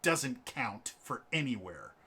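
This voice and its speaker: A man from Wisconsin running a tabletop game, chatting casually with animated, joking asides. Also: mid-range voice, slow pace, a crowd in the background. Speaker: game master. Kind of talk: casual chat.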